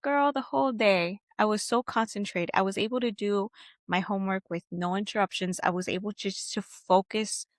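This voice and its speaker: Animated woman telling stories in chat. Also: medium pitch, moderate pace, no room sound, studio quality. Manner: animated storyteller, acts out quotes, laughs. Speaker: podcast co-host. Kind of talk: casual chat.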